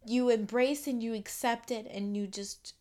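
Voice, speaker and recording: A young woman hosting a solo podcast, speaking in an earnest, affirming way, often repeating phrases and trailing off quietly. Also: a little high, steady tone, moderate pace. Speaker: podcast host. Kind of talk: reflective solo podcast monologue.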